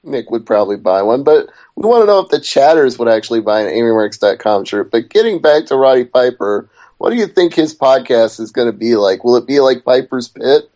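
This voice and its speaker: This wrestling podcast co-host speaks with a mellow, mid-range voice, brisk and animated. Chatty by nature, he wanders from the subject and then reins things back in, all captured in dull, lo-fi podcast sound.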